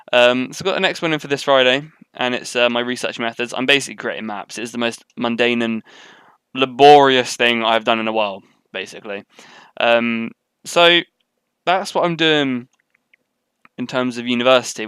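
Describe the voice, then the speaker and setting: A young man talking through a strategy game as he plays, drifting into chatty tangents. His voice is bright and very crisp, recorded dry and close at his desk. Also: medium pitch, a little fast, no echo. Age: young adult. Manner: rambling, chatty, with frequent ums and tangents. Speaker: gaming commentator. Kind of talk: live gameplay commentary. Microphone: webcam setup at desk.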